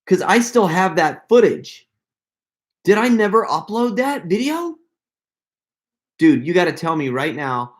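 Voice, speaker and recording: A middle-aged man hosting a casual live Q&A, telling stories in an excitable, rambling way full of quick asides. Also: high-pitched. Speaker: prank video creator hosting a live Q&A. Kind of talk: casual livestream chat.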